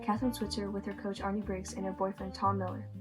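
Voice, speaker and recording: A young woman reading the narration of a student documentary in a steady, read-aloud way. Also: mid-range voice, fast talker, soft background music, low-quality recording. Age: young adult.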